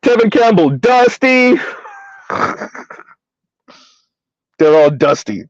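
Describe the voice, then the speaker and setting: High-voiced man, laughing rant. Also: expressive, unhurried, darkish tone, dry recording. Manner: repeats a punchline word with a high sing-song lift, laughing often. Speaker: commentary vlogger. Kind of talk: casual comedic rant. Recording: dry, dull lo-fi recording.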